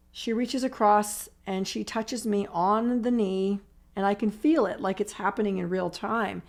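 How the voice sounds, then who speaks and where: A woman telling her own recovery story in conversation, speaking in emotional, run-on sentences full of "I'm like" asides. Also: medium pitch. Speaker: author and recovery guest.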